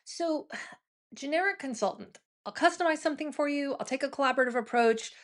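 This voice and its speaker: A middle-aged woman hosting a business podcast, talking to listeners in a brisk, conversational coaching tone full of "right?" asides. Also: sits high. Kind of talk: solo talk to listeners.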